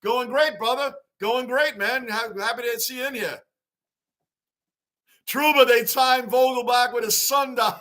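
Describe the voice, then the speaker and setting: A man hosting a live sports reaction stream, rambling excitedly and reading fan chat aloud. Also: very high-pitched, a little slow. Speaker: livestream host.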